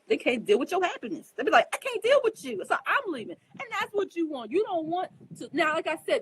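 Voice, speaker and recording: With a fairly high pitch, a woman astrologer addresses her viewers directly in a casual spoken monologue of advice. She's earnest, emphatic, and preachy, shows her emotions openly, and keeps asking whether they understand. The audio is poor, with slight background noise.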